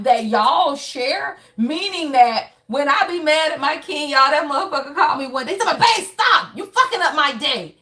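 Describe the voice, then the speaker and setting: A woman's voice: high-pitched, a bit bright. A woman giving a casual spiritual tarot reading. She is blunt and profane, talks straight to her viewers, and keeps checking in with emphatic tag questions. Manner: blunt and profane, constantly addressing viewers directly. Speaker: tarot reader.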